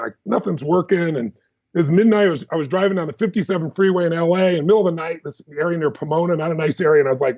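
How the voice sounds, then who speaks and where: A man as a podcast guest, telling personal stories in an animated, emphatic, fast-flowing way. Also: a little high, dull audio. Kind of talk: energetic personal storytelling.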